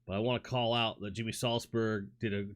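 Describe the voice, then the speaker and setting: The voice sits on the low side, with a level tone and a fairly quick delivery. It belongs to a livestream host with a New York accent who chats casually from his home toy room into a studio microphone, rambling, reading chat aloud, and restarting often amid lots of fillers.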